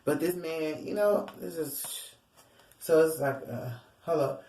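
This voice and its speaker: A woman's voice: low voice, slow pace, dark tone. A woman giving a casual tarot reading to her viewers, rambling and theatrical, often calling them y'all. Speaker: tarot reader. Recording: roomy echo, distant from mic.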